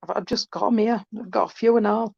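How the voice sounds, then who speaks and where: Warm-hearted woman medium, chatty, heard over a muffled, dry line. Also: medium pitch, fairly even intonation, quick pace, creaky, dry recording. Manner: chatty, affectionate, calls people sweetheart. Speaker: spiritualist medium. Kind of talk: online mediumship reading. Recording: dull, dry call audio.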